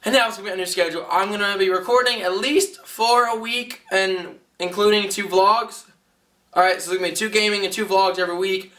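A young man giving a rambling, excitable vlog update, heard through a camera mic a little way off. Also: sits high, brisk, far from the mic. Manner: rambling, excitable, self-correcting. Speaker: vlogger.

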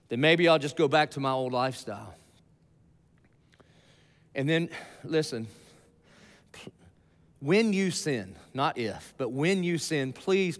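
A man preaching a sermon as pastor, conversational and animated, with asides to the congregation. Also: sits high, big-room sound. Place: church auditorium.

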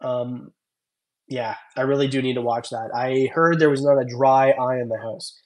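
A young reptile channel host chats casually during his livestream, wandering from topic to topic as he reads comments aloud and thanks viewers by name. He speaks at a normal speed in a mid-range, steady voice.

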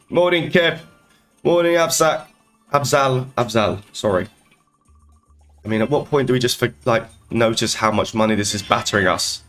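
A man's voice: lowish voice, a bit bright. Upbeat man streaming live. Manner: upbeat, greets chat viewers by name in rapid sing-song bursts. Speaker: slot streamer host.

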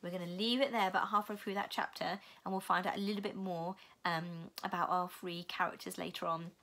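A woman teacher with a British accent reading a storybook aloud to children, expressive and stopping to explain words. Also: on the low side, fairly quick. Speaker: primary school teacher.

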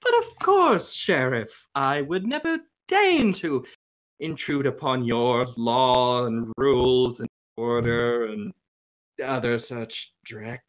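Haughty, theatrical male artist creature with an animated, sing-song delivery; a man voices him. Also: medium pitch, a little slow.

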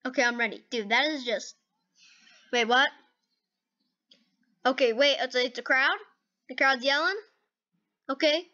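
A woman hosting a gaming video, giving casual reaction commentary in an excitable, chatty way, saying okay and dude over and over. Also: high-pitched, unhurried, pauses often, dull audio.

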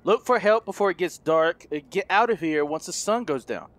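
High-pitched goofy gamer man. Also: expressive, moderate pace, no room sound. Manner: goofy, loud, repeats lines and yells when startled. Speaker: gaming YouTuber. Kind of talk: let's play commentary.

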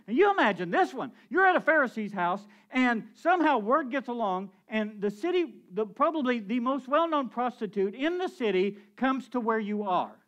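Male pastor, high voice, animated sermon, rhetorical questions.

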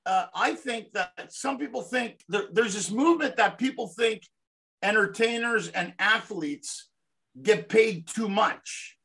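High, bright-voiced excitable male host. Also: measured pace, gravelly, rough recording. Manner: animated, profane storyteller. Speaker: podcast host. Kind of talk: casual interview chat.

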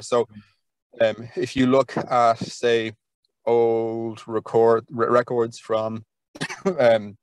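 A man's voice: mid-range voice, dry recording. An Irish man talking as an interview guest, enthusiastic and rambling, with lots of fillers and restarts. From Ireland. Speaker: podcast guest, folklore archivist. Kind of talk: conversational interview.

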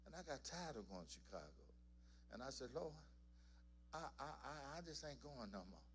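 A man's voice: medium pitch, very animated, normal speed, slight background noise. A church singer telling his testimony to the congregation in a folksy storytelling manner. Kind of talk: spoken testimony in a worship service. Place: church sanctuary.

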